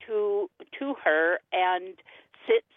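An older woman, a grandmother, calling into a radio show and talking slowly with pauses. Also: mid-range voice, animated, no room sound. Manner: slow, halting with fillers. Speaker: caller. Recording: tinny phone line.

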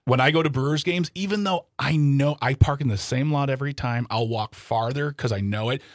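A man's voice: medium pitch, a little fast, dry recording, studio quality. A man co-hosting a talk radio show, chatting casually and poking fun at himself, often repeating words as he goes. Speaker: radio co-host. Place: radio studio.

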